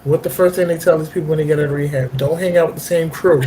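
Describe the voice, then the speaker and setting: A man's voice: a little high, steady tone, fast talker, warm tone, a little hiss or hum, low-quality recording. A man joking with his co-host in casual chat, teasing banter. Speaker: podcast co-host.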